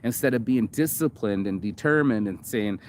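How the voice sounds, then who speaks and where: A man's voice: fairly low pitch, normal speed, slight background noise. A man hosting a casual monologue, reacting to a video. He rambles, swears freely and stumbles over fillers and restarts.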